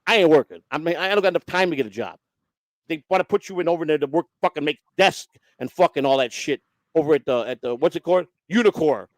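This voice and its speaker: A man's voice: on the high side, lively intonation, quick pace, no echo. A man hosting a casual chat, telling a long story bluntly, with lots of swearing and restarts. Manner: blunt, profane, rambling with many restarts. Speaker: host.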